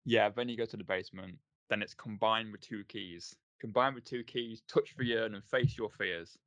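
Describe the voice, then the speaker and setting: A man co-hosting a podcast, walking through what happened with plenty of ums and acted-out lines. His voice sits a little low. The sound is dry and close, with no room echo. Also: moderate pace, a bit bright, muffled recording. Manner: recaps with filler ums, acts out lines. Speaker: podcast co-host. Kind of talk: casual chat review.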